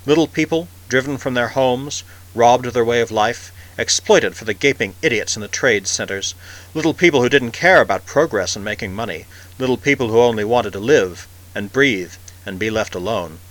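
Man, audiobook narrator, scripted sci-fi reading, measured, expressive. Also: mid-range voice, poor audio. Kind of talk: scripted science-fiction narration.

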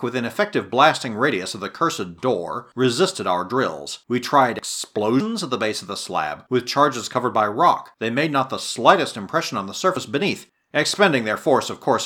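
A man narrates a first-person adventure tale as an audiobook, his voice husky and slightly rough. His pitch moves widely and expressively through the telling. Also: bright, forceful tone.

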